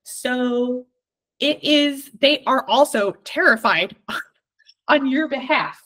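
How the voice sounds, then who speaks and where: Valley girl woman from socal, bit high voice, chatty and encouraging, lots of ums. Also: slow pace, a bit bright. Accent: Southern California Valley Girl. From Southern California. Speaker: workshop speaker. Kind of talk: livestreamed workshop talk.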